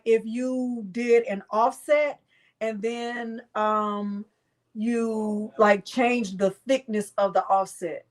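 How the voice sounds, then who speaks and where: A middle-aged woman runs a live craft software tutorial with a fairly high voice. She chats easily and calls out to her viewers by name between steps. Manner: chatty, talks to viewers by name while demonstrating.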